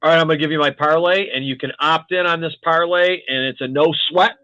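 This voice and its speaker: A man co-hosting a casual sports show, talking bets in an excitable, emphatic way and swearing now and then. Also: fairly high pitch, fast talker, dry recording, muffled recording. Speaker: co-host. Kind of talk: casual sports betting chat.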